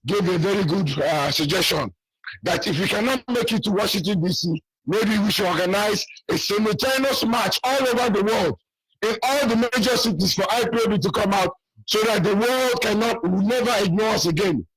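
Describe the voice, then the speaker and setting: Hoarse, high-voiced man calling in. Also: normal speed, a bit bright, rough recording. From southeastern Nigeria. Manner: urgent, rallying, repeats key details. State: losing his voice. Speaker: caller. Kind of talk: radio call-in appeal.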